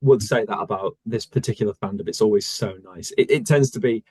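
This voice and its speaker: Husky, dry-sounding man. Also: fairly low pitch, fairly quick, few pauses, dry recording. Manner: relaxed storyteller, many fillers. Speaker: audiobook narrator and voice actor. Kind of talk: casual chat.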